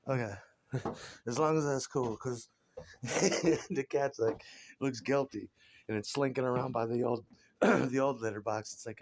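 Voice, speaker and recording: A man's voice: mid-range voice, steady tone, a little slow, a little hiss or hum. Rambling crude man, laughing monologue. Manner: crude, rambling, laughs often, repeats words.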